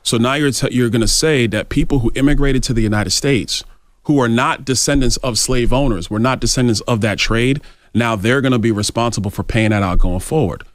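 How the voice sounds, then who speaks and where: A man's voice: medium pitch, a little fast, no echo. A male congressman guest answering interview questions in an assertive, argumentative way. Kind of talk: radio interview.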